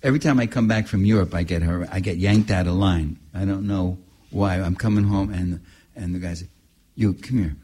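An older man speaks in a husky, slightly low voice. He gives a public talk full of personal anecdotes and tells them with animation, laughing along at his own stories. His voice has a breathy, rough edge to it. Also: brisk, dark tone. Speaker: writer and activist speaker.

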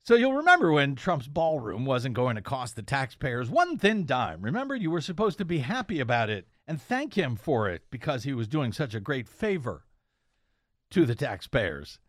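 A man's voice: mid-range voice, wildly swooping pitch, moderate pace, dry recording, clean studio sound. A man hosting a political talk radio show, delivering a sardonic, pointed monologue. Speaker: radio host and investigative blogger.

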